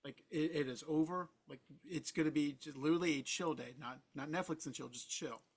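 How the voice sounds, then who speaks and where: A man with a somewhat high, husky voice makes his case with emphasis and deliberate phrasing. It is a relaxed conversation. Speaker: podcast co-host. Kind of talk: casual chat.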